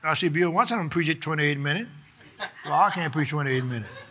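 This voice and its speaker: A man preaching a sermon with fervent, rhythmic repetition and folksy phrasing. He rises to shouted peaks at times. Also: fairly high pitch, lively intonation, a little fast, noisy background.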